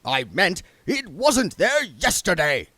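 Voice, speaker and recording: A man reading aloud and voicing a loud, impatient wizard chief who blusters and barks his lines. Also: high voice, big pitch swings, takes it slowly, no echo, voice pushed up, heavily acted. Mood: indignant. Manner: bellowing, indignant.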